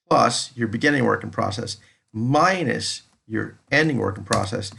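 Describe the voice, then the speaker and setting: Gravelly-voiced man explaining accounting. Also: mid-range voice, a bit bright. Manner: explanatory, repeats and restates points. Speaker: accounting lecturer. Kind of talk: recorded lecture walking through a spreadsheet.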